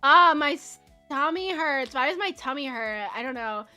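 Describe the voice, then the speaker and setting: A young woman chats with her stream audience in a high, very lively voice, bright and forward in tone. She giggles often and talks with her mouth full now and then. Soft game music plays faintly underneath. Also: normal speed. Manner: giggly, chatty, talks while eating. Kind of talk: casual chat while playing.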